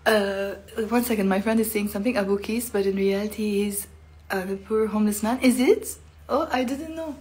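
A woman with a medium-pitched, somewhat dark voice talks at a moderate pace. She's running a casual language lesson on a live stream, chatty and packed with fillers, and she acts out each sound she teaches with real expression.

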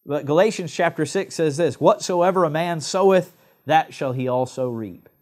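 Male preacher from England, slightly high voice, emphatic pulpit delivery. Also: darkish tone. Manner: emphatic preaching with rising stresses and slow drawn-out phrases. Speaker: pastor. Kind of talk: sermon.

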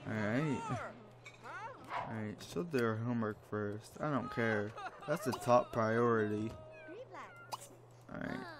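This let's play gamer has a lowish voice and talks slowly, leaving long pauses as he comments casually on a life-sim game. He sounds exasperated and dramatic, mock-scolding the characters, and uses a desk microphone.

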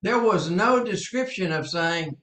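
An older man teaching a sermon in an earnest, halting way, with many fillers and repeats. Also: high-pitched, expressive, fairly bright tone, echoey room. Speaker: preacher.

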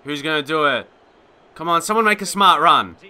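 Young guy ranting over a footy game, really bright sharp voice, a bit high. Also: moderate pace. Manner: excitable, swings into frustrated shouting and rants. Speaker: gaming YouTuber. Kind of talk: live gameplay commentary.

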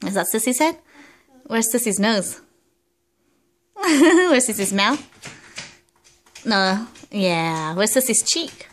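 A woman's voice: on the high side, animated, slow pace, pauses often, a little hiss or hum. A young woman singing a nursery song to her toddlers and coaxing them to play along, in a playful sing-song. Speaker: parent singing to small children.

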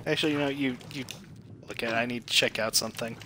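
A man's voice: mid-range voice, fairly even intonation, fast talker, noisy background. A man streaming a game, giving crude, joking commentary full of swearing. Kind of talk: comedic gameplay commentary.

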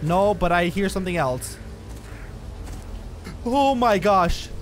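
Here the same kind of young gaming YouTuber talks slowly through a horror game, his voice high and expressive over soft background music. He startles easily, exclaims often, and lets out bursts of nervous laughter as he plays.

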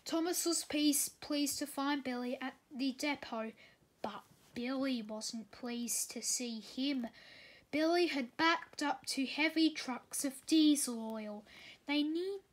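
Slow, high-voiced woman reading a children's story. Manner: gentle, with small slips and restarts. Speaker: reader.

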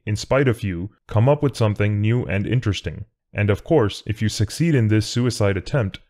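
A low, calm godlike presence, as a man reads it out in an audiobook. It speaks in a measured, tolerant, coolly matter-of-fact way, never hurried. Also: lightly acted. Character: calm all-knowing godlike male voice. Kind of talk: audiobook reading.

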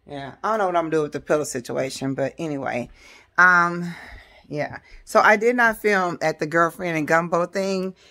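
A woman's voice: fairly low pitch, normal speed, pushed and bright. A woman, chatting casually to camera at home, calling her viewers y'all and girl. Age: 40s. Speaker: lifestyle vlogger. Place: at home, decorating a room.

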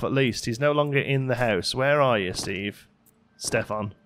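A man's voice: medium pitch, slow pace, fairly bright tone. Male let's play host, medium voice, casual running commentary, faint music behind. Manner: chatty, talks to his game characters. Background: faint game music.

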